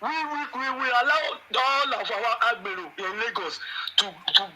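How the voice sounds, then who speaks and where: A man caller with a Nigerian accent, talking haltingly and repeating words. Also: extremely high pitch, lively intonation, pushed and bright, slight background noise, low-quality recording. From Ibadan, Nigeria.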